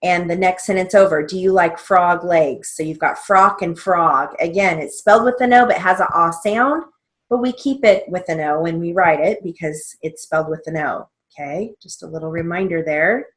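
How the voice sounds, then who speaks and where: A woman's voice: fairly low pitch, moderate pace. A woman teaching steno theory in a patient way, spelling out words letter by letter. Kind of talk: slow spelled-out instruction.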